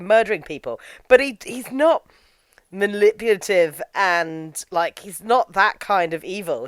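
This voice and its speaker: A woman's voice: fairly low pitch, dry recording. A young woman chatting enthusiastically in a casual film review, full of "like" fillers.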